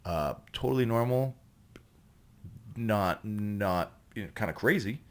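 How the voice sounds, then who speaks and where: Very deep-voiced man telling a story. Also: animated, takes it slowly. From Canada. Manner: profane, rambling, swings into loud laughing bursts. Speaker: podcast guest. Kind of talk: casual storytelling chat.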